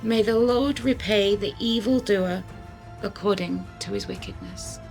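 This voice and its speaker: A woman giving a slow, solemn scripted Bible reading. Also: mid-range voice, gravelly, darkish tone. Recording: reading over music.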